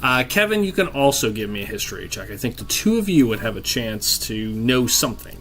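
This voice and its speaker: A man's voice: medium pitch, big pitch swings, fairly quick, a bit bright, a little hiss or hum. A man narrating as game master of a tabletop game, loose and chuckling as he describes the scene.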